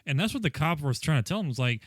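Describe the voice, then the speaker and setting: A man co-hosts a podcast, dryly mocking a cheesy training video. He swears freely. His pitch moves around a lot, and the recording is close and dry. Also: big pitch swings, quick pace, no room sound. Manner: sarcastic, profane, mimics characters. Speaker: podcast co-host. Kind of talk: casual movie-riffing chat.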